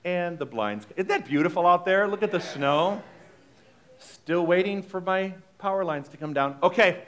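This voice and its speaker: Guy preaching sunday talk, kinda high voice, loose and chatty. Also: expressive, normal speed, fairly bright tone. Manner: chatty and informal, with restarts. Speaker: minister. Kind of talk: sermon. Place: church sanctuary.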